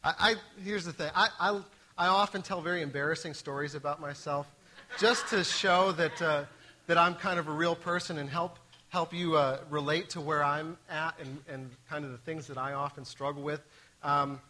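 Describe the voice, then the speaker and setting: A man preaching from the pulpit in a casual, conversational way. His voice is bright and forceful and sits a little high, and he stumbles and restarts as he mixes scripture reading with joking asides. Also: steady tone, moderate pace, low-quality recording. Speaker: pastor.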